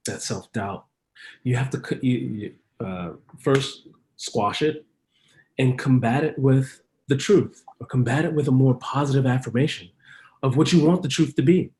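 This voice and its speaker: A man guest giving motivational coaching advice, pausing on fillers between his points. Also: mid-range voice, a little mellow.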